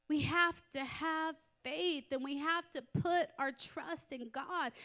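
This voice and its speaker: A middle-aged American woman preaching a sermon in a church, telling stories in a lively way and building to emphatic exhortation. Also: high voice, slow. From United States. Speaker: women's conference speaker. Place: church sanctuary.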